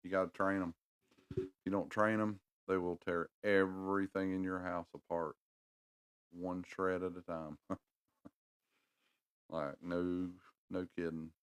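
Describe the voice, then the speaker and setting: A man's voice: low voice, level tone, unhurried, long pauses, clean tone, no echo. A middle-aged man with a North Carolina Southern accent, chatting casually on a livestream in a rambling, folksy way and talking to his viewers. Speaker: livestream host.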